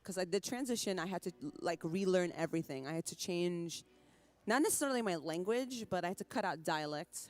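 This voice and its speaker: A woman in her twenties from Trinidad, a musician chatting in an interview with a light Caribbean touch under an American accent, laughing often. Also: on the low side. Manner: chatty, laughing, quick asides. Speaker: musician guest. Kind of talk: casual interview chat.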